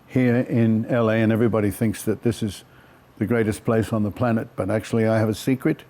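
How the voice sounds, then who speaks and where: An older man, an actor telling stories from his life in an interview with clear, projected speech and frequent self-deprecating laughter. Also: fairly low pitch, fairly even intonation, fairly quick, warm tone. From Australia. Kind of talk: reflective storytelling interview.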